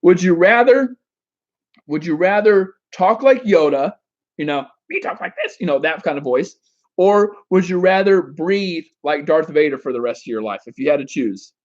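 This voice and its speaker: A man's voice: a little high, lively intonation, moderate pace, a little mellow, dull audio. A man giving dating advice on a casual live stream, answering chat with rambling, crude jokes and frequent restarts.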